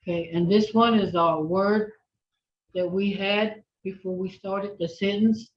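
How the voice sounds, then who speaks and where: Slow, patient woman teaching a language. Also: mid-range voice, fairly even intonation. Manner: patient, slow, repeats words for the learner. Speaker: language instructor. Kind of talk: online language lesson with call and response. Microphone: video call. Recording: dull lo-fi video call audio.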